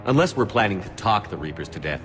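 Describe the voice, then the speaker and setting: A man's voice: fairly low pitch, very animated, fast talker, long reverb tail, over music. An actor playing a blunt, dry-witted male soldier who has been relieved of duty, in a game cutscene.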